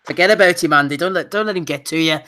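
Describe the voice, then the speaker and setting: A man's voice: a little high, very fast, bright, forceful tone. British man hosting a boxing podcast. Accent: British English. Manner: laughs readily, reads out listener nominations. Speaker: podcast co-host. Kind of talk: casual boxing chat.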